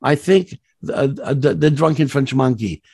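A man's voice: medium pitch, moderate pace, gravelly, darkish tone, husky, no room sound, studio quality. A man, a voice actor being interviewed, telling rambling anecdotes full of fillers and restarts, laughing at his own stories. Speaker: voice actor guest.

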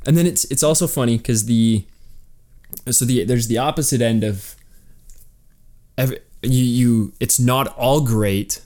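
A young man talking in a relaxed co-host chat at a medium pitch. He rambles and restarts his sentences, with a joking edge. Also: a little slow. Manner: rambling, self-interrupting, jokey. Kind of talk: casual chat.

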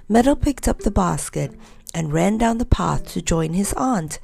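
A woman narrating a children's story in a gentle, measured reading. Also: fairly low pitch, lively intonation, gravelly.

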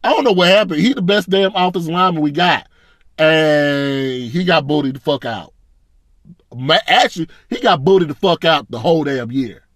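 A man's voice: a little high, moderate pace, fairly bright tone, no room sound, studio quality. A man ranting as a fan, blunt and profane, in a casual, frustrated reaction. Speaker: sports fan commentator.

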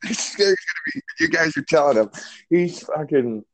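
A man's voice: on the high side, animated, normal speed, fairly bright tone, no echo, rough recording. A man co-hosting a podcast in casual chat, laid-back and profane. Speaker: podcast co-host.

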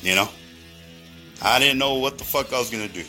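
A man rambles through a profanity-laden monologue, calling out to his listeners and wandering between tangents. His voice is bright and sharp at a middling pitch. Faint music plays behind him. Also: a little fast. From Texas. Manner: heavy swearing, rambling tangents, addresses listeners directly.

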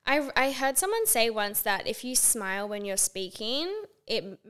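A woman's voice: fairly high pitch, big pitch swings, measured pace, a bit bright, clean tone. A young woman co-hosting a casual chat podcast, upbeat and agreeable as she gives advice. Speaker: podcast co-host.

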